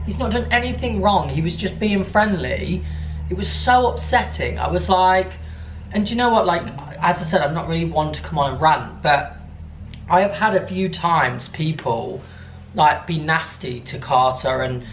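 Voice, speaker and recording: A young man vlogging in a casual, animated way, telling an upsetting story. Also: on the high side, moderate pace, slight background noise. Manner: animated, upset storytelling, cooing softly to his dog. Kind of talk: casual vlog chat. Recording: echoey room.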